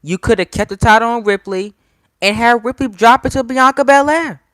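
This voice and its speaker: A man's voice: very high-pitched, normal speed, fairly bright tone, no echo. A man reviewing a wrestling show in a casual, exasperated rant, repeating himself and talking straight to his viewers. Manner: exasperated, repetitive, talks to viewers directly.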